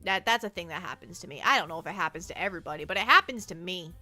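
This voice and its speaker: A woman's voice: lowish voice, animated, racing, pushed and bright, soft background music. A woman streamer chatting casually and rambling, often repeating her words as she answers chat. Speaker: livestreamer.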